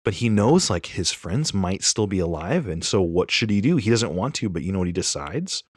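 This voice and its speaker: A man in his thirties chatting on a podcast, telling an animated, rambling story and correcting himself as he goes. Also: deep voice, moderate pace, breathy edge, dry recording, clean studio sound. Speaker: podcast co-host. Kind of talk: casual chat.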